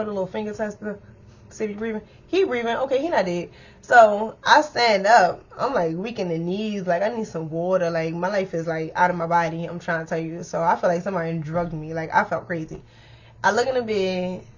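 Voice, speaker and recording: A woman telling a story to her viewers in a casual, animated way, with lots of swearing. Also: mid-range voice, moderate pace, husky. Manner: animated, profane, talks straight to viewers. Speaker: storytime vlogger. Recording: dull lo-fi sound.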